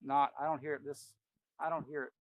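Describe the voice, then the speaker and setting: A piano teacher gives a casual ear-training lesson, naming each note he plays and thinking out loud. His voice is a little high, his delivery flat and fairly quick. The piano sounds loudly behind him throughout.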